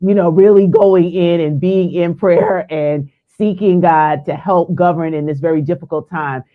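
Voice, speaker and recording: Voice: mid-range voice, fairly even intonation, moderate pace. Enthusiastic panelist on a tinny line. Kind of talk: casual political talk.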